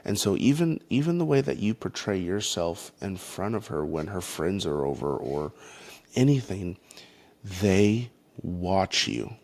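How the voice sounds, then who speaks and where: Male podcast host, deep gravelly voice, slow and earnest, faith-based parenting talk. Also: very animated, darkish tone. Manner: earnest, halting, frequent restarts.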